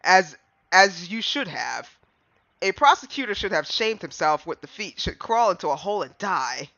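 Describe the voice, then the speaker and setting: A proud, remorseful prosecutor speaks low and measured, as a man reads his part aloud. The voice sounds bright. The recording is close, dry and a bit muffled. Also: sing-song, creaky, dry recording, exaggerated voice. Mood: stern.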